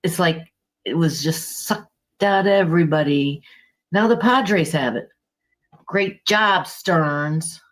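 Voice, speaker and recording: A woman with a somewhat low voice, venting on a casual sports podcast. She is heated and exasperated and swears freely as she complains. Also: slow pace. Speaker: podcast co-host.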